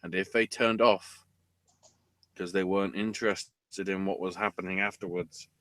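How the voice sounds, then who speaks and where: Recapping wrestling on his podcast, a man chats casually with sarcasm and plenty of profanity, drawling without hurry. He has a low-pitched, fairly bright voice with fairly even intonation and no echo.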